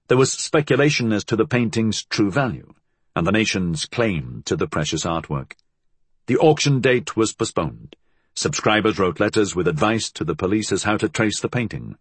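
A man narrating an audiobook in an expressive, measured reading. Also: lowish voice, slightly rough, no echo.

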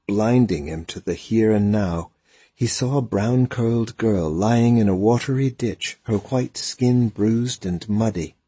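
A man reading a story aloud as narrator, measured and even. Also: deep voice, slightly rough, no echo. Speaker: audiobook narrator. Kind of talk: scripted narration.

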